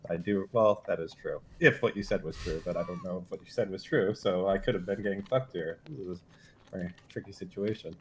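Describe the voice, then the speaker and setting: A man's voice: low voice, brisk, slight background noise. Brash, profane male streamer. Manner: brash, profane, mock-threatening. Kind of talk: casual live-stream chat.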